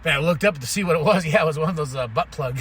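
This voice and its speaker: A man's voice: a little high, rapid-fire, a bit bright, slight background noise. A man co-hosting a podcast, telling stories in a laid-back, profane, giggly way. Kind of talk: casual podcast banter.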